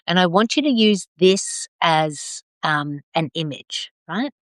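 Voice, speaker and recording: A middle-aged woman leading a live video circle, gentle and affirming, drawing out her phrases as she reads out comments. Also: lowish voice, expressive, slow pace, no echo, clean studio sound. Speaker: circle facilitator.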